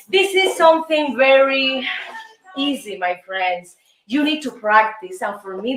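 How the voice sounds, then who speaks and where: A woman's voice: sits high, expressive, measured pace, fairly bright tone. A woman with a Cuban Spanish accent hosting a salsa dance lesson, counting steps aloud and chanting rhythm syllables, encouraging her viewers as friends. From Cuba. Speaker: host and dance teacher. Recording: roomy echo, voice from far off, music behind. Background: salsa music.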